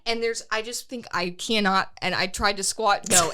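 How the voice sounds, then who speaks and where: A young woman co-hosting a podcast, telling a story in a casual, animated way, swearing freely and laughing as she goes. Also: on the high side, moderate pace. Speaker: podcast co-host.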